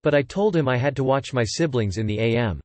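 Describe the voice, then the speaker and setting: A man's voice: mid-range voice, expressive, fast, darkish tone, no echo. Man reading forum posts, dry close sound. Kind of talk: scripted narration.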